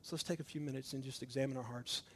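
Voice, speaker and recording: A middle-aged male pastor giving a communion sermon, swinging from loud, emphatic preaching to hushed, intimate tones and acting out dialogue as he tells a story. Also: mid-range voice, steady tone, rapid-fire, a little hiss or hum.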